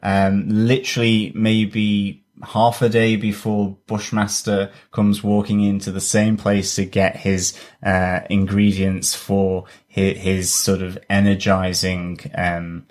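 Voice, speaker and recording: A man with a fairly low voice discusses a TV episode on a podcast. He rambles, restarting and filling gaps with ums. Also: flat delivery, slow, hardly any pauses, darkish tone. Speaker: podcast co-host. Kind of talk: casual podcast chat.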